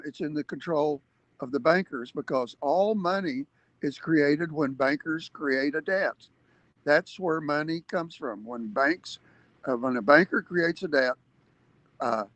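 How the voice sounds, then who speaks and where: An activist gives an earnest advocacy talk on a livestream, explaining things step by step with emphatic points and hesitant fillers. His voice is on the high side and a bit bright, with no echo but lo-fi sound.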